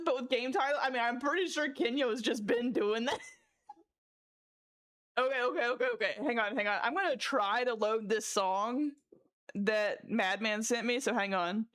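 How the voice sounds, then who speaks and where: Young woman livestreamer, casual chat, somewhat high voice, giddy and laughing a lot, swears freely, close desk mic. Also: normal speed, fairly bright tone. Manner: giddy, laughing fits, cursing.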